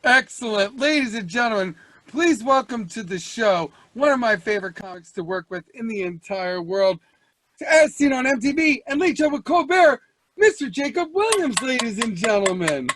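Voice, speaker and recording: A man hosting a comedy talk show, a loud and showy emcee who rambles through jokes. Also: extremely high pitch, big pitch swings, moderate pace, no room sound.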